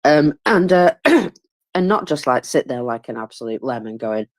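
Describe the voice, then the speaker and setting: A tired woman keeps stifling yawns as she gives a loose, chatty war update in a live audio room. Her low, expressive voice swings widely in pitch at a moderate pace, and between fillers and asides she stays wry and pokes fun at herself.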